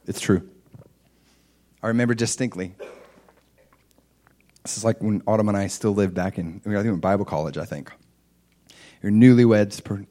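Middle-aged man preaching in a conversational way. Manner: conversational preaching, telling a personal story; rises in pitch and loudness for emphasis. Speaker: pastor. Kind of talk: sermon.

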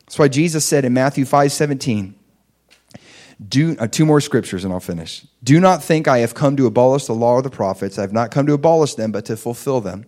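Male pastor, mid pitch, conversational sermon delivery, asks listeners "right?", bursts of emphasis. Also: animated, fairly quick, darkish tone. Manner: conversational, rising to emphatic peaks; asks the audience for agreement. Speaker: preacher.

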